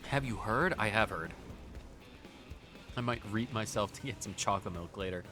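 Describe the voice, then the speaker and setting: A man streaming a game, chatting casually in an animated, joking way with frequent stammering restarts. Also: on the low side, normal speed, music in the background. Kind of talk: casual gaming commentary.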